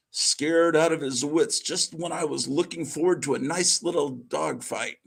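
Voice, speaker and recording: A man's voice: on the high side, unhurried, gravelly, hardly any pauses, slightly rough. A man reading a vintage comic book aloud in a casual way, stopping now and then for asides. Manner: reads along, breaking off for asides.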